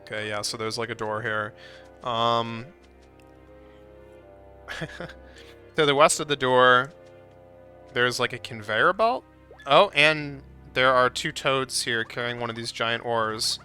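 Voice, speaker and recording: A man walks listeners through a video game in a chatty, playful way, describing what is on screen as he goes. His voice is very bright and forward, at an ordinary male pitch. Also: slow pace, pauses often, faint music behind. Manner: playful and chatty, with frequent laughs. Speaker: streamer narrating gameplay. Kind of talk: casual, descriptive playthrough narration.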